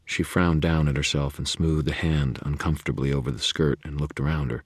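A man's voice: extremely low pitch, little pitch movement, brisk, hardly any pauses, slightly rough, no echo, studio quality. A man narrating a novel in first person, in a wry, clipped, tense manner. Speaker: audiobook narrator.

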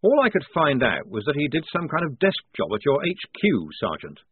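A man's voice: on the high side, huge pitch swings, fairly quick, breathy edge, no room sound, pitched above the performer's own voice, heavily acted. A man voicing a breezy, curious male writer with a clipped way of talking, in an audiobook. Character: brisk, breezy male writer, young adult. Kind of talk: audiobook character voice. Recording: tinny, dry, phone-like sound.

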